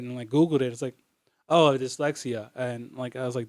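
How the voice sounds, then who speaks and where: A man's voice: medium pitch, fairly even intonation, normal speed, no echo, studio quality. A young adult man from Virginia, a comedian guest on a podcast, talking in a rambling, casual way, full of filler words and frequent laughter. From Virginia, USA.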